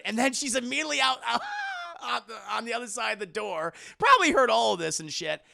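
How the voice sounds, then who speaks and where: A man with a high, gravelly and very bright voice recaps a movie in a rambling, swearing, animated way, talking straight to his co-host. The room is small and completely dry, with no echo. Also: normal speed. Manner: profane, rambling, animated, addresses co-host directly. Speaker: movie reviewer. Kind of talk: casual comedic movie recap.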